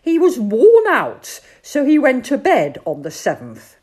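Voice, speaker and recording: A woman voicing a reckless, cheeky male rat in a storybook, quick with a joke. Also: sits high, wildly swooping pitch, a little mellow, voice pushed up, exaggerated voice.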